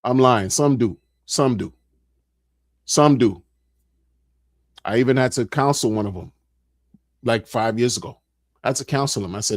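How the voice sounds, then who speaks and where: A middle-aged man, a streamer, telling a casual story in an animated way, repeating phrases and acting out what people said. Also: mid-range voice, normal speed, long pauses, dry recording, clean studio sound.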